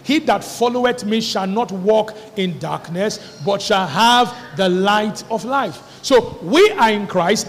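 High-voiced preacher in an echoey church hall. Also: male voice. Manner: call-and-response preaching, drawn-out emphatic phrases. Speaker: pastor. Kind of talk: sermon.

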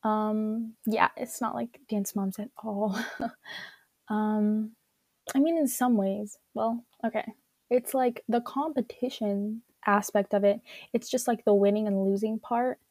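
A woman's voice: medium pitch, fairly even intonation, unhurried, darkish tone, no echo. A woman hosting her own casual podcast, rambling with lots of fillers, giggling and poking fun at herself. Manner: rambling, giggly, self-deprecating, many "like" and "um" fillers. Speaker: podcast host. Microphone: own recording setup at home.

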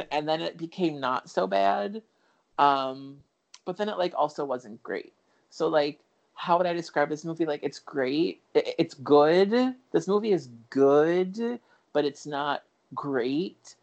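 A man talking loosely through a film review on a podcast, circling his points with fillers and false starts. He is candid and swears now and then, in a relaxed, unscripted chat. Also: on the high side, takes it slowly, creaky, muffled recording. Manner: rambling, full of fillers and restarts. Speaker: podcast co-host.

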